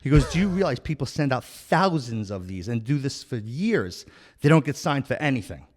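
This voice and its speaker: A man's voice: medium pitch, moderate pace. New York-accented male host, brash storyteller, casual and profane. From Long Island, New York. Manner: profane, storytelling, animated quoting. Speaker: podcast host. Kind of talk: casual interview chat.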